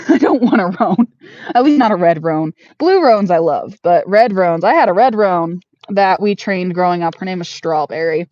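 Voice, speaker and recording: In a barn arena, a woman hosts a casual homestead livestream while grooming her horse, rambling and baby-talking to her pony. Her lowish, slightly mellow voice has lively intonation at a normal pace. The recording is dull and lo-fi, with no room sound.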